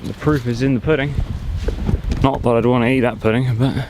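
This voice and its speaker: A man's voice: mid-range voice, fairly even intonation, brisk, noisy background. A man vlogging outdoors in a forest, chatting and joking as he thinks aloud into a handheld camera. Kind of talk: casual vlog commentary.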